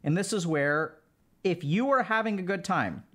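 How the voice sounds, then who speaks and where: A man's voice: high-pitched, expressive, moderate pace, a bit bright. A man giving a casual spoken lecture to his live chat, loose and conversational with lots of filler words. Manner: loose and conversational, heavy use of "like". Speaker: streamer teaching social skills.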